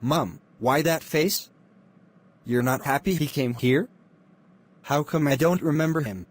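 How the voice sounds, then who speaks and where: A man voicing a curious teenage son who speaks softly and asks questions, with faint background noise. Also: fairly high pitch, measured pace.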